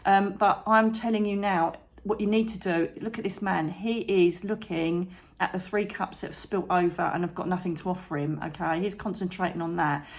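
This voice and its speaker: A woman gives a casual tarot reading, talking straight to her viewers. Her voice sits a little low, and she keeps checking in with friendly tag questions as she coaxes them along. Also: steady tone, moderate pace. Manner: chatty, encouraging, frequent "okay?" tag questions. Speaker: psychic tarot reader. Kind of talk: chatty tarot reading to camera.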